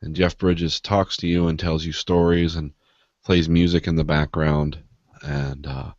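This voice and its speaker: A man co-hosting a podcast in casual banter, deadpan and self-mocking, laughing at his own jokes. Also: very deep voice, unhurried, no room sound, lo-fi sound. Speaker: podcast co-host.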